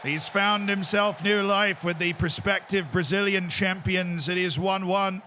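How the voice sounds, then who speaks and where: Man putting on a roaring football commentator, high and bright, faint hiss behind. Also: fairly even intonation. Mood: ecstatic. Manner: shouting, drawn-out calls. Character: excitable male football commentator.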